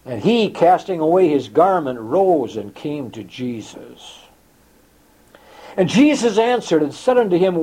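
A man preaching a sermon, reading scripture aloud and explaining it, with a slow, dramatic delivery that sometimes drops to a near whisper. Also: on the high side, sing-song, warm tone, breathy edge, rough recording. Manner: reads quotations in old-fashioned scripture wording.

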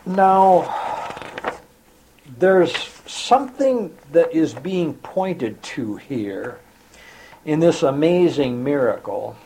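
A male preacher delivering a sermon in a slow, drawn-out way, his fairly high voice swinging widely in pitch. The tone is mellow and soft-edged, and he often sinks into hushed, almost whispered words for effect. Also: poor audio. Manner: slow, dramatic delivery dropping to near whispers; reads quotations in old-fashioned scripture wording. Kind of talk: sermon reading and explaining scripture.

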